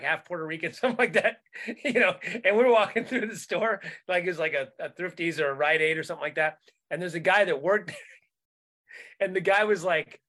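A man's voice: on the high side, pushed and bright. A man co-hosting a comedy podcast, telling rambling anecdotes and laughing through them. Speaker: comedian co-host. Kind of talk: casual podcast storytelling.

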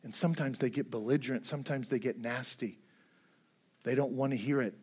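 A man preaching a sermon in an earnest way, swinging between hushed, low passages and emphatic, louder ones. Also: steady tone, brisk, breathy edge. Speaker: pastor.

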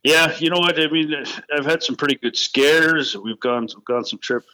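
Bright-voiced man, blunt and joking. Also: a little high, normal speed. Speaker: podcast co-host. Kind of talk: casual chat.

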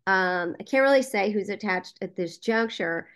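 A woman guest on a podcast interview, a casting director and producer telling a story in a lively way with frequent "um" fillers. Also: medium pitch, moderate pace, clean tone.

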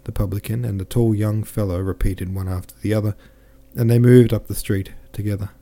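A man narrates a classic novel in a measured, careful reading, pausing to correct the odd slip. His voice is low and strikingly dark and mellow. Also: steady tone. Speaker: audiobook narrator.

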